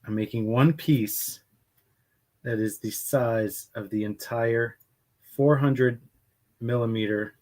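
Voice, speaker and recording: A man hosting a casual livestream while painting miniatures chats in a rambling way and greets viewers by name. His mid-range, slightly mellow voice moves at a slow pace with long pauses.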